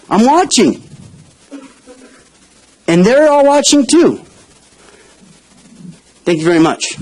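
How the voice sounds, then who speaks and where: A man's voice: extremely high pitch, very animated, takes it slowly, long pauses, darkish tone, a little hiss or hum, rough recording. A man giving a confrontational, emphatic public comment speech at a council chamber podium.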